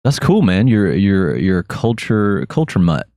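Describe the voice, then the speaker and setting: Low-voiced easygoing male podcast host. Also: sing-song, measured pace, warm tone, dry recording, studio quality. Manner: easygoing, chatty, trails off and restarts. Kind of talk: casual interview chat.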